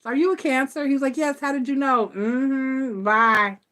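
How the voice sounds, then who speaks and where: Blunt, animated woman tarot host. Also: high voice, moderate pace. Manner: animated storytelling, blunt and laughing. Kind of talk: casual live-stream chat.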